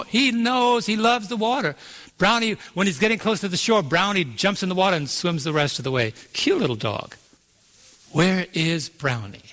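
Man, preacher, sermon, forceful bright tone, dramatic pauses and stretched words, long hall reverb. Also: high-pitched. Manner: storytelling preacher, dramatic slow-downs and rising emphasis. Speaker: pastor.

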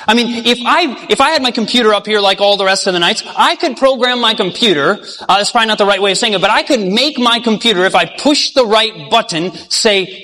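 A male preacher with a high, bright voice, telling a story in a sermon. He acts out the voices in it and keeps asking his listeners questions. His voice rings with long reverb, as in a big hall. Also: lively intonation, fairly quick.

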